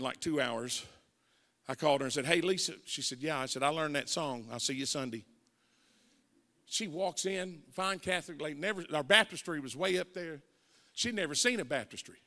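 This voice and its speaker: An older man preaching a folksy testimony sermon as an evangelist, telling stories and rising into shouted preaching. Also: a little high, lively intonation, normal speed, long pauses. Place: church sanctuary. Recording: long church hall reverb.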